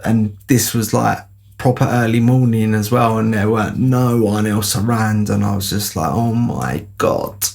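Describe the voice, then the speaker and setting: Guy, gravelly fry in the voice, loose chatty anecdote delivery with restarts. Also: on the low side, level tone, normal speed, darkish tone. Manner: rambling, many fillers and restarts. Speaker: podcast storyteller. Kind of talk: casual anecdotal storytelling.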